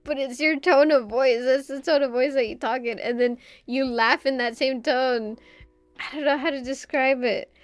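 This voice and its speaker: A woman's voice: sits high, steady tone, moderate pace, no room sound, studio quality, faint music behind. A woman streamer chatting casually with her viewers, rambling and stumbling over repeated words, often laughing. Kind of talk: casual chat reading viewer comments.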